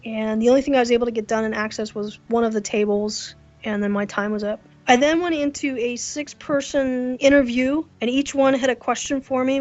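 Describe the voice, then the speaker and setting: A woman with a fairly high voice tells workplace stories in a casual, animated way. She acts out the reactions she quotes. The recording sounds dull and lo-fi. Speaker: interview guest. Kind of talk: casual storytelling. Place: hotel during a convention.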